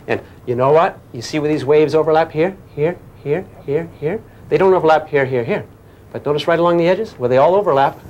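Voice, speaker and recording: A man's voice: on the high side, darkish tone. An older man giving a physics lecture to a class in a playful way, often asking questions and making sound effects.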